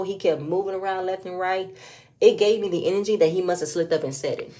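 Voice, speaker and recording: A woman with a slightly low voice talks through a reality show episode in a casual review. She is opinionated and often pushes into emphatic, louder stretches when she makes her point. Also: fairly even intonation, brisk. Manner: opinionated, rising to emphatic outbursts. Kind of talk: casual recap commentary.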